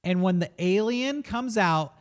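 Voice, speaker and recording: A man's voice: high voice, unhurried, clear, resonant tone. A man co-hosting a casual movie podcast, recapping scenes and acting out lines with big inflection. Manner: animated, acts out movie lines. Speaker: podcast co-host.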